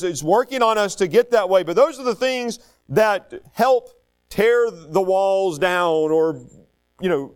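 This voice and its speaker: A middle-aged man, preaching a sermon full of folksy personal stories, laughing often and rising in pitch as he makes his points. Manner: folksy, storytelling, laughs often, animated rises when preaching.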